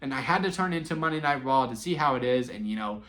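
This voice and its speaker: A man in his twenties telling wrestling memories in a casual, sentimental vlog, excitable and full of fillers and restarts. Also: medium pitch, fast. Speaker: wrestling vlogger. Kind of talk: casual rambling storytelling.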